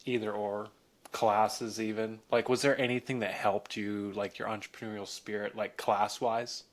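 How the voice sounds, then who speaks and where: A man's voice: fairly low pitch, little pitch movement, moderate pace. A man hosting a podcast, asking casual, rambling questions with many fillers. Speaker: podcast host. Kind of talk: casual interview chat.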